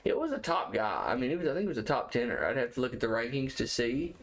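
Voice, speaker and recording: Man, laid-back co-host, sports chat, agreeable, stop-start phrasing, average pitch. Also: sing-song, fast talker. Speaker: podcast co-host.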